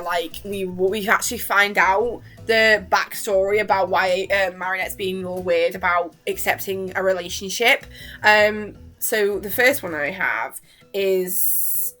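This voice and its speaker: A woman's voice: mid-range voice, a bit bright. A young woman vlogger chatting casually and rambling, gushing and giggling as she acts out quotes. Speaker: reaction vlogger.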